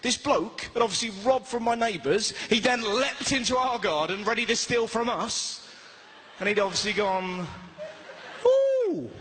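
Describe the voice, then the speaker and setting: A British man doing stand-up storytelling, animated and acting out quoted voices. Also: high voice, normal speed. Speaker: stand-up comedian. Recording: loud live-audience ambience, played clip. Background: audience laughter.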